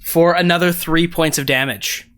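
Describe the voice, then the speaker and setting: A man narrating a tabletop game as its game master, painting each blow in vivid detail. His voice is bright and clear. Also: on the high side, fairly even intonation, normal speed.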